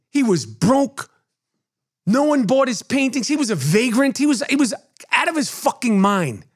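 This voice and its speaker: Profane man ranting on his podcast. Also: very high-pitched. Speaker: podcast host. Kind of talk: comedic rant.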